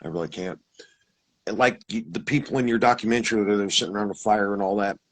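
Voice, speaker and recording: Man, husky, lowish voice, rambling storyteller, restarts a lot. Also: quick pace, rough recording. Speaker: guest telling his experience. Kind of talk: casual storytelling.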